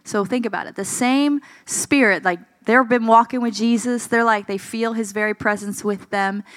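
A woman preaching a sermon in a conversational, expressive way, asking the congregation questions and acting out the voices she quotes. She sounds a little tired. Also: fairly high pitch, normal speed, no room sound.

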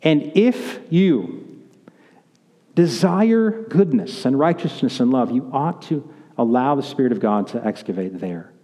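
A man's voice: medium pitch, animated, measured pace, dark tone. A man preaching a sermon as pastor, conversational and joking, in a church sanctuary. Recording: echoey hall.

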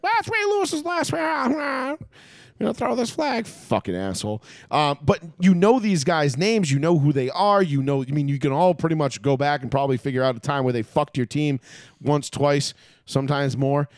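A man ranting in casual sports chat as a podcast co-host, profane and animated. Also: medium pitch, brisk, no echo, studio quality.

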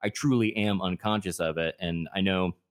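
Deep-voiced male podcast co-host, casual and rambling, voices the people in his stories. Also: steady tone, normal speed. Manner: rambling, acts out quoted dialogue. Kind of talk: casual storytelling chat.

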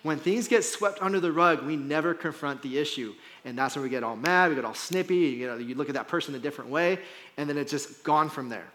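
A man's voice: high voice, fairly bright tone. Man preaching in a casual, chatty way. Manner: conversational preaching with frequent "right?" and "like". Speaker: pastor. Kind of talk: sermon. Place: church hall.

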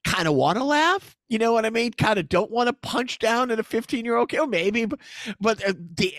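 A middle-aged man with a high, light voice tells a long story in casual conversation. He laughs often and slips into lively quoted voices. The sound is close and dry. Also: fairly quick, no echo. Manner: animated, laughing, acts out quotes. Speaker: comedian.

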